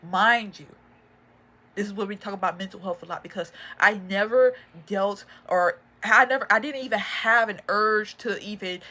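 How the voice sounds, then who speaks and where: A young woman giving a personal testimony, earnest and halting with many fillers and restarts, audibly emotional. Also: medium pitch, sharp tone. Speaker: faith and motivation vlogger.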